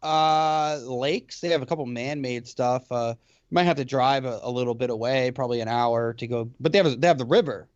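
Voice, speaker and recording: A man co-hosting a casual podcast, swearing freely and talking in animated runs. His voice sits at an ordinary middle pitch. The sound is dry and a little dull. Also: fairly quick, no room sound. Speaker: podcast co-host. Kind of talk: casual chat. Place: lives in Alabama.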